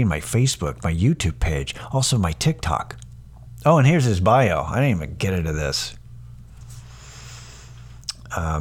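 Sarcastic, swearing podcast man. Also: deep voice. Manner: sarcastic, profane, rambling with restarts. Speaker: podcast host. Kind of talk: casual ranting monologue.

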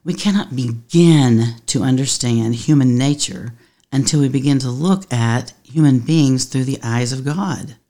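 A woman's voice: extremely low pitch, measured pace, warm tone. Brief: woman pastor, podcast teaching, earnest and chatty. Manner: earnest, conversational, laughs often.

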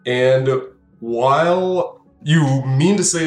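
A man's voice: mid-range voice, measured pace, soft background music. A man narrating as game master, explaining outcomes and rules in an easygoing way. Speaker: dungeon master. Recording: roomy echo.

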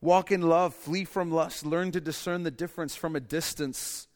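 A man's voice: a little high, normal speed. A man preaching in an echoey hall. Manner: animated preaching, acts out quoted voices, repeats key lines. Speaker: pastor. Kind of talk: sermon. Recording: echoey hall with long reverb.

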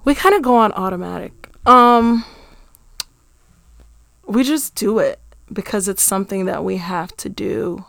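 A woman teacher talking in a calm, matter-of-fact way in casual conversation. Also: mid-range voice, measured pace, gravelly, long pauses, no echo, clean studio sound.

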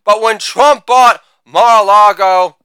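A male comedian doing a crude insult roast, with brash delivery and shouted catchphrases. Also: sits high, slow pace, smooth, no room sound.

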